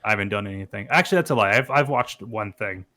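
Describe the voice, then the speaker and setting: A man's voice: on the low side, fast, bright, forceful tone. A young man, co-hosting a podcast with dry joking asides. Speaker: podcast co-host. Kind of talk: casual chat.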